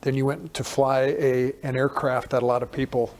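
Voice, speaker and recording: A man interviewing a guest, keeping the conversation moving with eager prompts and questions. His voice has an average male pitch. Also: level tone, moderate pace, a little mellow. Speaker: interview host.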